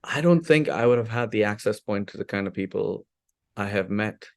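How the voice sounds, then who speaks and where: Guest voice: man in his forties from India, low and gravelly, chatty storyteller with plenty of fillers. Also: normal speed. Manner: animated storyteller, many fillers and restarts. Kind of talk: casual interview storytelling.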